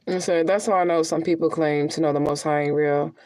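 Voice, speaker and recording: A woman's voice: deep voice, steady tone, brisk, a little mellow. Candid, profane woman venting on a livestream. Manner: candid, profane, laughing often. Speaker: spiritual reader and medium.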